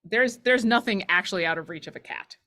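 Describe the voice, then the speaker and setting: A woman's voice: mid-range voice, brisk, pushed and bright. A woman co-hosting a live painting stream, chatty and enthusiastic, rambling and asking questions. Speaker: co-host learning to paint. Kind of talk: casual chat on a live stream.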